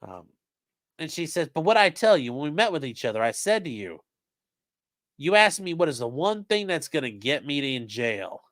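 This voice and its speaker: Animated, swearing man reading a transcript. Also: on the high side, moderate pace, dry recording, studio quality. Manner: profane, animated, reads quotes in shifting voices. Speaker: legal commentary streamer. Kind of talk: casual live-stream commentary reading a transcript.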